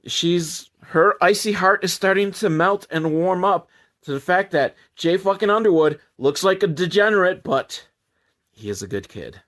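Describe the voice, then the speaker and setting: A man recapping an old film with sarcastic, profane humor. His voice sits somewhat high and swings widely in pitch as he riffs. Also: lively intonation, moderate pace, fairly bright tone. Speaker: movie reviewer. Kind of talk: comedic movie recap commentary.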